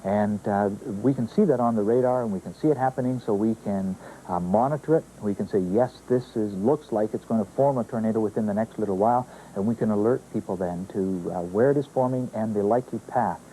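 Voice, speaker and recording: A male weather forecaster explaining in an interview, speaking haltingly with many pauses and fillers. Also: on the low side, mellow, a little hiss or hum, rough recording. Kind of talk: interview answers.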